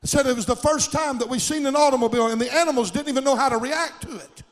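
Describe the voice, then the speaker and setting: A man's voice: very high-pitched, quick pace, long reverb tail. An older man preaching a sermon in a church sanctuary, with impassioned, folksy delivery and plain country grammar.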